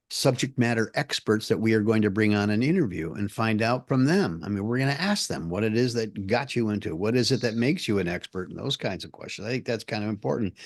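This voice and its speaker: A man's voice: on the low side, no room sound, clean studio sound. A man co-hosting a small business podcast, explaining a sales example in a casual way with small slips. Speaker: podcast co-host.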